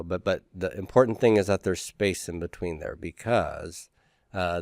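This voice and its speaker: A man's voice: low-pitched, no echo, clean studio sound. A man teaching a class, talking casually and repeating letter names for students to say back. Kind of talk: classroom lecture.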